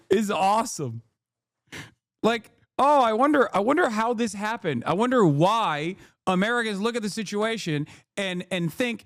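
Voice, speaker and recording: A man's voice: high-pitched, measured pace, pauses often, no echo, studio quality. A man reacting to a clip on a live stream, ranting, swearing and laughing in mockery. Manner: animated, swearing, laughing, mocking.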